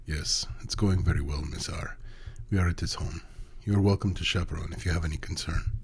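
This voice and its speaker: A man voicing a short, dominant man who gives commands in a low, growling, purring way. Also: steady tone, fairly quick, slightly rough, heavily acted. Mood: commanding.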